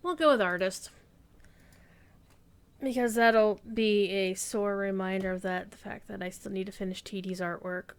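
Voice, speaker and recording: A woman's voice: mid-range voice, fairly even intonation, normal speed, clear, resonant tone. A woman streaming a game, chatting casually and rambling as she thinks aloud. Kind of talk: casual gaming stream chat.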